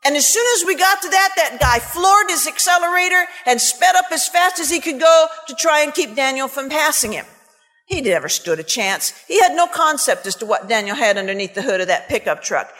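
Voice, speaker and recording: A woman preacher telling a story in a sermon, animated and dramatic. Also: high-pitched, long reverb tail.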